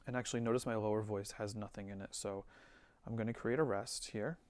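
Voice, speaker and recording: A man giving a relaxed screen-recorded music software tutorial, thinking aloud with fillers as he works. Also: lowish voice, a little fast. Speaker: music teacher.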